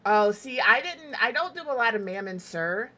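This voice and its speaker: Woman, young adult, bright tone, chatty, rambling, game streamer. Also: medium pitch, sing-song, moderate pace. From Southern US. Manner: chatty, rambling, self-mocking. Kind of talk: casual chat while gaming.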